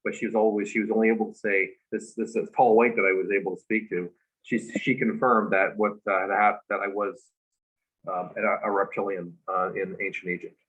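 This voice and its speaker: A man, a guest, casually telling a long story, animated and full of fillers. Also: lowish voice, fairly quick. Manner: animated retelling with many fillers. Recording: dull lo-fi recording.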